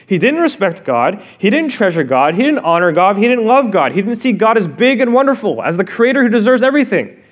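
A male pastor preaching a sermon, expressive, dropping to a hush and rising again, asking the listeners questions directly. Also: high voice. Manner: expressive, swings from loud to hushed.

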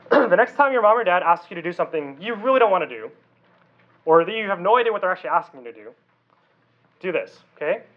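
In a conversational youth sermon, a high-voiced man keeps engaging his audience with questions. The recording sounds a bit dull and lo-fi.

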